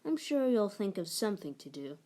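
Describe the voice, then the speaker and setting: A woman voicing a gentle, soothing mother in a children's storybook read-aloud. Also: mid-range voice, very animated, fairly quick, close to an everyday voice. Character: warm, gentle mother of a young boy.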